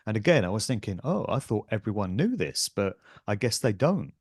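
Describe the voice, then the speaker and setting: A man's voice: fairly low pitch, darkish tone, no echo, clean studio sound. A man guesting on a podcast interview, talking in an earnest, emphatic way as an author and speaker.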